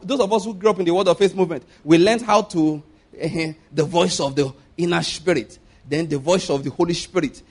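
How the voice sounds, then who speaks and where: Preacher guy, pretty high voice, animated, laughs a lot, does little voices. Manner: lively, laughing often, acts out quoted voices. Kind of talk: sermon.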